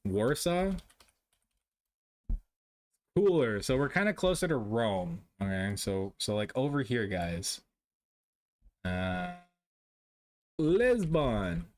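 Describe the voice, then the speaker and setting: Unhurried, jokey male streamer. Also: medium pitch, very animated. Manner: jokey, self-mocking, laughs often. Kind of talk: casual live-stream chat while playing a guessing game.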